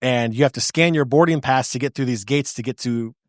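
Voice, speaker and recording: Animated American podcast host. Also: male voice, mid-range voice, a little fast, no echo, studio quality. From United States. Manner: animated storyteller with frequent restarts. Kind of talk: casual chat, storytelling.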